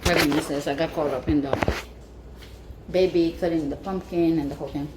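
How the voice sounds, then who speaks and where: Woman home baker, low-pitched, eager and chatty, echoey kitchen with faint background noise. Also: fairly even intonation, brisk. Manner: enthusiastic, chatty, tasting as she talks. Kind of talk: casual cooking vlog.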